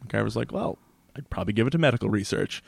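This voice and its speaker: A man's voice: on the low side, lively intonation, creaky, slightly rough, dry recording. A man co-hosting a podcast, recapping an episode in casual chat, laughing often and acting out the characters' lines. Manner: laughs often, acts out characters' lines in quick put-on voices. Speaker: podcast co-host.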